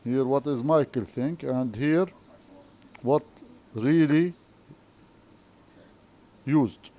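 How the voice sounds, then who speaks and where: A man with an Arabic accent teaching an English lesson, speaking slowly and checking understanding with repeated questions. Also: mid-range voice, warm tone, muffled recording. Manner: slow, repetitive, frequent questioning tags. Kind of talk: classroom lesson explanation.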